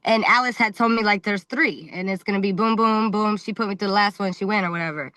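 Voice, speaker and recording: Blunt, animated woman wrestler telling stories. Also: mid-range voice, fast, no echo. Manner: animated, blunt, swears freely, laughs often. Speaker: guest wrestler. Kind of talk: casual storytelling interview.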